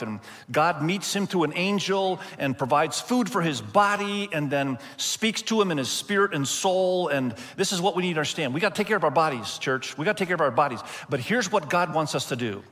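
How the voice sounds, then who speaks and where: A male pastor preaching a sermon, expressive and slowing down to stress key points. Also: mid-range voice, long reverb tail. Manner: expressive, slows down for emphasis.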